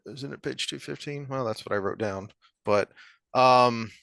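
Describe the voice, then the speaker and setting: A man's voice: medium pitch, gravelly, fairly bright tone, no room sound. A man co-hosting a podcast, casually discussing a book and reading passages aloud with lots of restarts. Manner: halting, reads passages aloud, many restarts. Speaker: podcast co-host.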